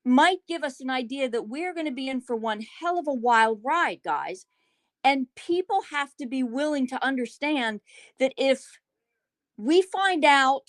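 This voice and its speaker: A woman's voice: high voice, no echo. Emphatic woman with a dry, close sound. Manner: emphatic, repeats words for stress. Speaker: panelist. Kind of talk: casual panel chat.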